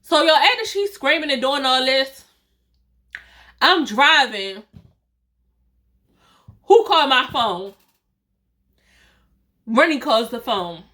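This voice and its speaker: A woman vlogger telling a storytime tale in a lively way, often acting out what people said and laughing. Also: high voice, slow, pauses often. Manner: animated, quotes dialogue, laughs often. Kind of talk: storytime vlog.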